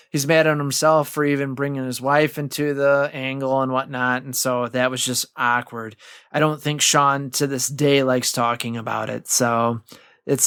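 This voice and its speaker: Smooth-voiced man recapping wrestling history. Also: medium pitch, pushed and bright, dry recording, clean studio sound. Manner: rambling recap with many fillers and restarts. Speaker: podcast co-host. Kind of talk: casual wrestling history chat. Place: home studio.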